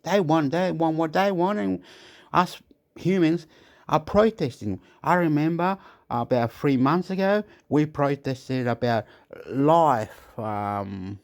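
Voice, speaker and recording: A man's voice: a little high, slow pace, darkish tone. Rambling, swearing man ranting. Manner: repetitive, swears, asks "you understand?". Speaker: vlogger. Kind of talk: rambling casual rant.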